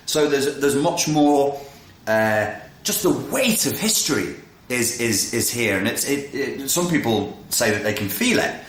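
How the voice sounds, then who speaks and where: A man excitedly explaining a philosophy idea in casual video talk, often cutting himself off to reel himself back in. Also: medium pitch, a little slow, slight background noise. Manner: excitable, self-interrupting, jumps between tangents. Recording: roomy echo.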